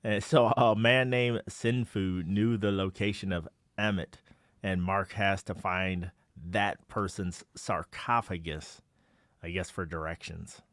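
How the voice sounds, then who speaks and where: A man with a lowish voice chats casually on a podcast, recapping scenes and reacting with easy laughs. The sound is dry and close to the mic. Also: steady tone, takes it slowly, fairly bright tone, dry recording. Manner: laughs easily, plain recaps. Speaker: podcast co-host. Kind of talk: casual episode review chat.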